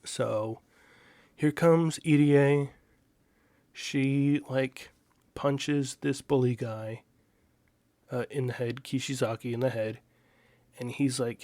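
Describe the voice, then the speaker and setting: A man's voice: medium pitch, fairly even intonation, slow, long pauses, darkish tone, no room sound. A man giving a casual spoken recap as a manga reviewer, rambling with lots of "like" and "you know" and chuckling now and then.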